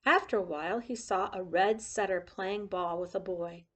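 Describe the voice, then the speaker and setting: A woman reading a picture book aloud in an expressive storyteller way, pointing out the pictures as she goes. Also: medium pitch, moderate pace.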